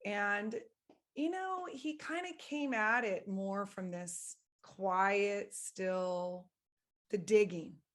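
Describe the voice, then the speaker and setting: A woman's voice: mid-range voice, extremely slow. A woman who is a podcast guest, speaking reflectively in a casual, rambling way. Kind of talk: casual spiritual conversation.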